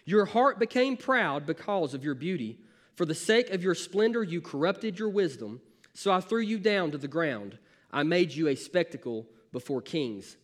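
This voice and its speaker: A man, a pastor, preaching a sermon with an emphatic, repetitive cadence. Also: high voice.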